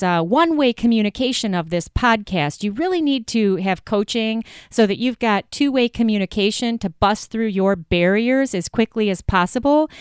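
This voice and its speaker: Emphatic woman podcast host, smooth voice. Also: on the high side, no room sound, clean studio sound. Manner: emphatic, direct, rhetorical questions. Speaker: podcast host and weight loss coach. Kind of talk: solo podcast monologue.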